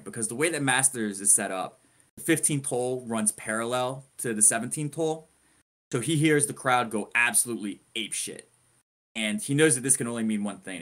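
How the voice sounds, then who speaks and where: A man of ordinary pitch spins a story for his podcast co-hosts. He builds tension step by step, leans hard on key words for drama, and slips into animated, indignant asides. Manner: dramatic build-ups and emphasis. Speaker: podcast co-host. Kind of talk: casual storytelling.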